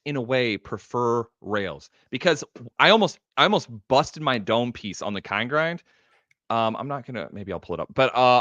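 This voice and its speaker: A man chatting as a guest on a live stream, laid-back and casual, swearing freely and trailing off into quiet mumbles. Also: mid-range voice, dry recording, dull audio.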